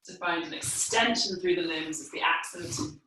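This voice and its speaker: A woman teaching a movement class, calmly cueing while she exercises on the floor, a little out of breath. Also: on the low side, background noise. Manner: calm, unhurried cueing while moving on the floor. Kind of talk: guided movement class instruction. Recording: echoey room, mic far off.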